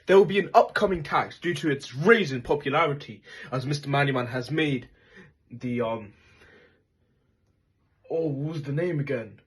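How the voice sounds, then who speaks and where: A man hosting a parody news show, reading stories in a deadpan style and stumbling over his words. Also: mid-range voice, normal speed, pauses often. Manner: deadpan, stumbling mock-newsreader delivery. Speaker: host.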